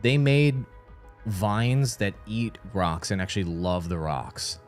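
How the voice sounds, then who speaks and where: A man hosts a game livestream in loud, goofy, mock-excited banter. His voice sits a little low. Faint music plays behind him. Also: takes it slowly. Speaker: host. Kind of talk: hyped joking livestream banter.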